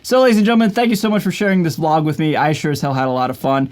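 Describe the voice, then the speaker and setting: A man's voice: on the high side, lively intonation, quick pace. A man talking casually to the camera at home in a vlog, upbeat and chatty and filling his talk with "man" and "like". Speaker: vlogger and guitarist. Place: at home in his usual filming spot.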